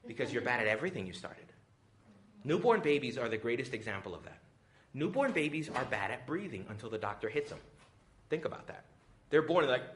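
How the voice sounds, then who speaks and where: A man, a priest, giving a retreat talk, joking and lively, often acting out little voices. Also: on the high side, a little hiss or hum. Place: retreat hall with audience.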